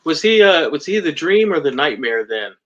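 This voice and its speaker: A man's voice: on the high side, sing-song, moderate pace, fairly bright tone, dull audio. Easygoing man hosting a podcast. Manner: friendly, laughs often, easygoing. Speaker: podcast host. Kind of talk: casual interview questions.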